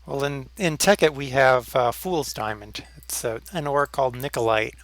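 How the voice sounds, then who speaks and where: A man's voice: medium pitch, normal speed, fairly bright tone, no room sound, low-quality recording. A man hosting a let's play, chatting casually while playing and sometimes dropping to a near whisper as he concentrates. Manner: drops to a near whisper while focused on the game. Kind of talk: casual gameplay chat.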